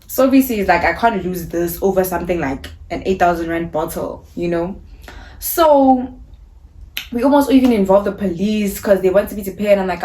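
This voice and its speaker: A young woman from South Africa telling a storytime vlog in an animated, indignant way, acting out the other people's lines as she goes. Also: lowish voice, a little fast. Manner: animated, indignant retelling with quoted dialogue. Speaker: vlogger.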